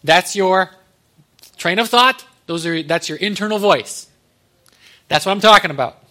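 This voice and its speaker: Guy preaching a sermon, kinda high pitched, cracks little jokes as he goes. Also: measured pace, pushed and bright. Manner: conversational, joking asides. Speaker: pastor.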